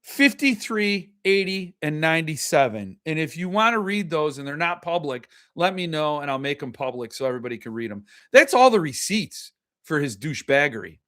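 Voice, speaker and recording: A man's voice: on the high side, sing-song, a little fast, sharp tone. A man hosting his own show, ranting with sarcasm and profanity in a casual commentary. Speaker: podcast host.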